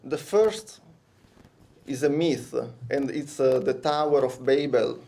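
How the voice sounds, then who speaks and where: A man's voice: medium pitch, slow, warm tone. A man with an Italian accent giving a conference presentation, hesitant with many restarts and fillers. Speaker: conference speaker. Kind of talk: academic conference talk. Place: conference room.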